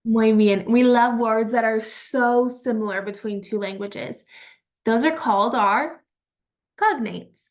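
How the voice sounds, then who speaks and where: A woman teaching vocabulary in a slow, patient, encouraging way, repeating each word and praising the learner. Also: on the high side. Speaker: Spanish teacher. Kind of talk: slow vocabulary lesson with pauses.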